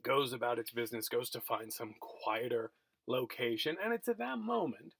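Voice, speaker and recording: A man's voice: medium pitch, normal speed, creaky, fairly bright tone, breathy edge, no echo. A middle-aged man teaching a college class by recorded video, telling a story in a chatty, self-mocking way with lots of fillers and restarts. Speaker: college geography instructor. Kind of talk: recorded remote lecture, storytelling. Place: at home, recorded for remote teaching.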